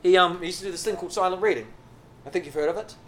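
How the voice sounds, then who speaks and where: A man's voice: sits high, very fast, slight background noise. A young man co-hosting a podcast, telling rambling, profane stories in casual banter. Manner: rambling, profane, animated storytelling. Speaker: podcast co-host. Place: living in a southern Chinese city.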